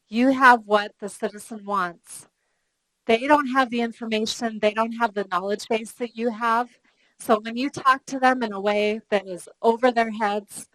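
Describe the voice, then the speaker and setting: Woman, customer service trainer, lively storytelling, questions to the room, dry sound. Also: medium pitch, no room sound, poor audio. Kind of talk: live training workshop.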